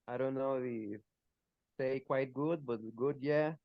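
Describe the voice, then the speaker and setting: A male student answering in a class discussion, speaking English as a with many pauses and fillers. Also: mid-range voice, fairly even intonation, dry recording, lo-fi sound.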